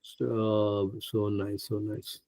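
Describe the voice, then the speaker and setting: A man's voice: fairly low pitch, monotone, drawn-out words, creaky, darkish tone, no room sound. Chatty man teaching a live trading class. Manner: chatty, exclaims and laughs often; stumbles over names, asks others to pronounce them. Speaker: trading course presenter.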